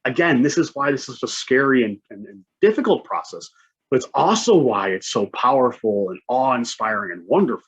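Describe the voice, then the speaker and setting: In a laid-back conference talk, a man keeps asking the audience "right?" as he goes. His husky, medium-pitched voice is brisk, while the recording comes across dull, muffled and lo-fi.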